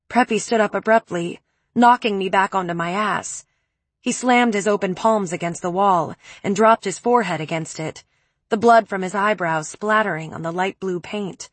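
A woman narrating a first-person novel with intense, dramatic delivery. Her voice is a little husky, recorded close and dry with no room sound. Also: mid-range voice, normal speed, no echo. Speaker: audiobook narrator.

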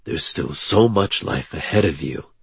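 A man voicing a gentle fatherly older leader. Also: a bass voice, animated, unhurried, slightly rough, no room sound, full character voice. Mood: earnest. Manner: gentle, fatherly, quietly wounded. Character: weary, kindly older male rebel leader.

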